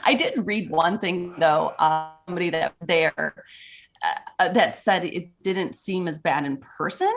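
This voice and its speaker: Woman sports co-host, lowish voice, chatty and animated. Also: measured pace. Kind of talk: casual sports chat.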